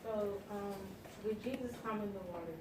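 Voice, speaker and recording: A woman's voice: medium pitch, moderate pace. A woman in a Bible study group asking a hesitant question. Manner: soft, hesitant, with fillers. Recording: distant mic, echoey room, loud noise.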